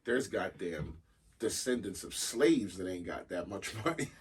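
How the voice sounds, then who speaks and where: A man's voice: deep voice, animated, measured pace, husky, recorded from a distance. A man co-hosting a podcast in casual chat, telling stories and swearing freely. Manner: storytelling, swears casually, laughs loudly when amused. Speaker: podcast co-host.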